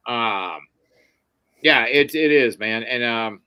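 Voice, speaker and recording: In casual podcast talk, a male co-host meanders along, often starting his sentences over and reaching for folksy expressions. He speaks slowly in a mid-range voice that is pushed and bright, with a clear, resonant tone.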